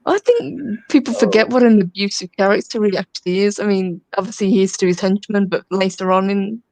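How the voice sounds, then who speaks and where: A woman's voice: mid-range voice, a little fast, darkish tone, no room sound. A woman guest on a podcast, chatting casually and agreeably. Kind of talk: casual chat.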